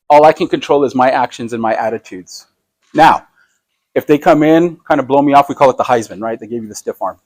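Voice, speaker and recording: A man's voice: medium pitch, a little mellow, no room sound. Casual conversational man teaching sales. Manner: conversational, tags lines with "right?", acts out quick dialogue. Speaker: speaker teaching sales and personality types.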